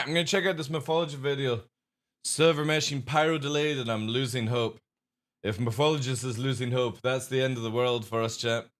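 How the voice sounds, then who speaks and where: A man's voice: mid-range voice, fairly bright tone. A man streaming from home, chatting casually with his viewers and talking to his dogs in a coaxing voice. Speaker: live streamer. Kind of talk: casual stream chat reacting to a video.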